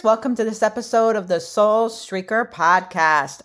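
A woman's voice: medium pitch, normal speed, few pauses, fairly bright tone. A middle-aged woman hosting her own podcast, talking in an earnest, repetitive, self-reflective way. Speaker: podcast host. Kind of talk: casual solo podcast talk.

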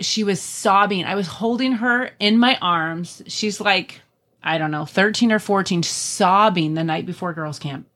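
A woman's voice: mid-range voice, a bit bright. A middle-aged woman telling family stories in a casual, earnest conversation, with many ums. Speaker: podcast guest.

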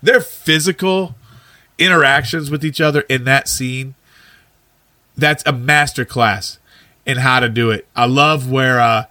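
A man's voice: medium pitch, measured pace, bright, forceful tone, no room sound, clean studio sound. A man co-hosting a casual podcast, talking with enthusiasm about a favorite sitcom episode and laughing often. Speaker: podcast co-host.

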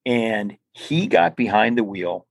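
A man's voice: fairly low pitch, big pitch swings, slow, vocal fry, no echo. An older man, a podcast guest, telling stories in a rambling, casual way full of restarts and asides. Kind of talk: casual storytelling interview.

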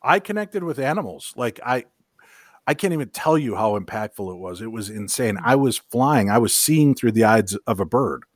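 Animated man telling a story, dry sound. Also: medium pitch, normal speed, no echo. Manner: animated, repeats words when excited. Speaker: podcast guest. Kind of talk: casual storytelling chat.

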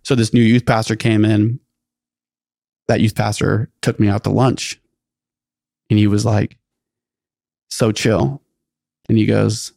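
Gravelly guy on a podcast mic, rambly storyteller, lots of "like", dry close sound. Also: lowish voice, flat delivery, takes it slowly, pauses often, darkish tone, dry recording. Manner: rambling, filler-heavy, acts out quoted voices. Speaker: podcast co-host. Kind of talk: casual storytelling chat.

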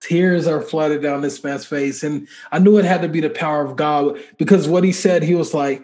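A man with a somewhat high voice tells a personal faith story as a podcast guest. He talks casually and animatedly, with plenty of fillers, and acts out the dialogue as he goes. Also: steady tone, moderate pace, hardly any pauses, darkish tone. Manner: conversational filler-heavy speech.

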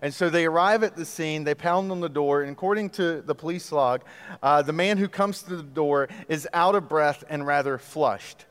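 Brief: male guest pastor, 30s, smooth and a bit high, joking storyteller, echoey hall. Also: normal speed. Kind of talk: sermon. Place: church auditorium.

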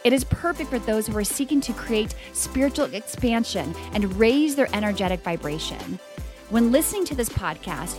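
A middle-aged woman from California hosting her own podcast, talking in a bubbly, chatty way with laughs. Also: on the high side. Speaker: podcast host. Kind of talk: casual solo podcast monologue.

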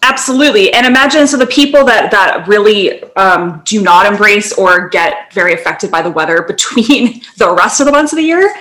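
A woman's voice: mid-range voice, expressive, moderate pace, hardly any pauses, fairly bright tone. Chatty woman podcast co-host. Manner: rambling, tangents, frequent laughter. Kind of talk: casual chat.

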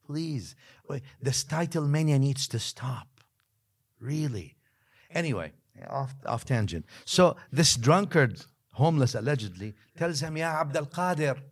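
A man, a religious scholar, telling a story as a podcast guest, lively one moment and dropping to a hushed near-whisper the next, with Arabic phrases woven in. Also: medium pitch, unhurried, breathy edge. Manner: mixes Arabic phrases into his talk.

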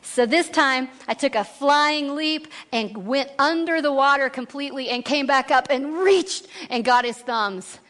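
A woman speaking at a church, telling a personal faith story as an animated storyteller who acts out the voices. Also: high-pitched, measured pace, few pauses. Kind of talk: sermon testimony storytelling. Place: church sanctuary. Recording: long reverb in a church hall.

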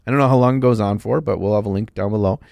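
A man's voice: lowish voice, rapid-fire, gravelly, a little mellow, dry recording. A man co-hosting a podcast in laid-back casual chat, stumbling into restarts now and then. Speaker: podcast co-host.

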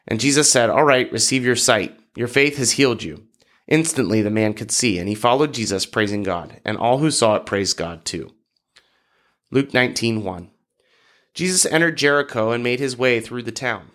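Man reading scripture, measured. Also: medium pitch, lively intonation, a bit bright. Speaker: podcast host reading scripture. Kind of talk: Bible reading aloud.

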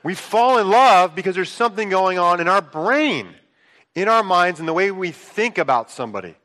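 Bright-voiced male pastor in an echoing church. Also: sits high, normal speed. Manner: conversational storytelling, swings between hushed asides and excited outbursts. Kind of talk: sermon. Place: church sanctuary. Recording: long reverb of a large hall.

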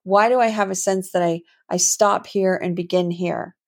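A woman's voice: on the low side, steady tone, normal speed, a little mellow. A woman hosting a reflective solo talk as a healing coach, musing in a rambling way with many fillers and restarts. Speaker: podcast host and healing coach.

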